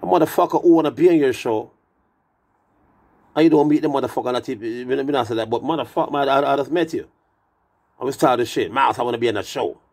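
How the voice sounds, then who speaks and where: A man's voice: medium pitch, fast, long pauses. A man telling a rambling, profanity-heavy story in loose patois and now and then sliding into song. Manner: swears constantly, loose patois, drifts into singing. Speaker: reggae artist. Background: loud music.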